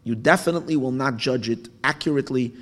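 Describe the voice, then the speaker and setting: A man's voice: mid-range voice, quick pace, a bit bright. A man teaching a Torah lesson. He reads Hebrew phrases aloud, translates them, and often repeats words while searching for the next one. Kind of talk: lecture explaining a text. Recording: long hall reverb.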